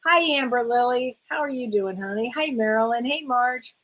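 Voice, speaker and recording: Her voice sits a little high and moves at a moderate pace, though the audio is poor. She's a middle-aged spiritual medium hosting a relaxed live-stream question session, affectionately reading out viewer comments and addressing people as honey.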